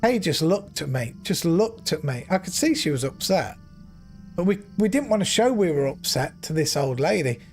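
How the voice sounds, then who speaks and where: High, animated man telling a story. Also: normal speed, soft background music. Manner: earnest, emotional, animated retelling with restarts. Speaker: game streamer. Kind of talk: casual storytelling while gaming.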